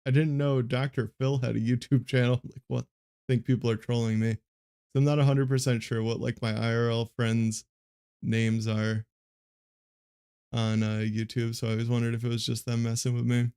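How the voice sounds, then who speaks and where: Young male streamer, monotone casual commentator, warm and smooth with a gravelly edge. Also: mid-range voice, normal speed. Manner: monotone, rambling with many fillers. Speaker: streamer commenting on a card game match. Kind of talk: casual live play-by-play commentary.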